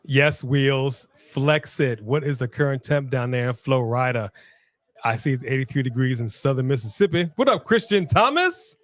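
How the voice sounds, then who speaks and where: A man co-hosting a live stream in a loose, joking way, reading out viewer shout-outs between his own comments. His voice sits at an ordinary middle pitch. The sound is dry and close, with no room around it. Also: fairly even intonation, normal speed, dry recording. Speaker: co-host of a live wrestling watch-along stream. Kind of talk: casual live-stream chat.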